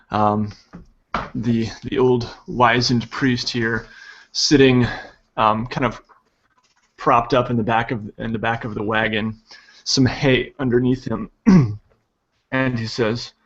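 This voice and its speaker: A man narrating a tabletop game as game master, hesitant and filling pauses with ums. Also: mid-range voice, fairly even intonation, a bit bright. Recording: dull lo-fi audio.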